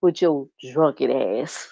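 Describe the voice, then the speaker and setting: A woman's voice: a bass voice, animated, slow pace, creaky, mellow, dry recording. A woman streamer giving blunt, profane gossip commentary, mocking as she talks and laughing often. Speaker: reaction streamer. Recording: dull muffled stream audio.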